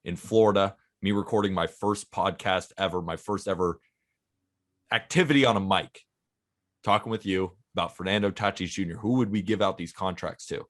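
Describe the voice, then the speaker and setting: A man's voice: low-pitched, moderate pace, fairly bright tone. A man in his twenties co-hosting a casual podcast, earnest and eager, talking in long runs. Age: 20s. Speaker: podcast co-host.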